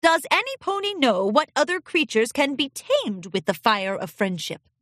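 A woman voicing a gentle, regal female pony princess who teaches a class, speaking in a sunny, warmly formal way. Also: high voice, sing-song, normal speed, no echo, studio quality, voice pushed up. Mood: cheerful.

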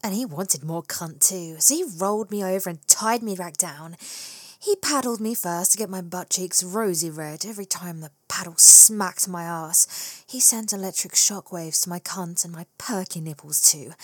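Woman, erotic story narration, husky and breathy, frequent whispers, dry close sound. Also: fairly low pitch, normal speed, dry recording.

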